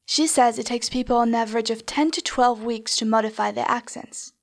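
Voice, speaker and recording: A woman's voice: a little high, a little fast. Woman reporter narrating a feature. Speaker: radio reporter. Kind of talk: scripted narration.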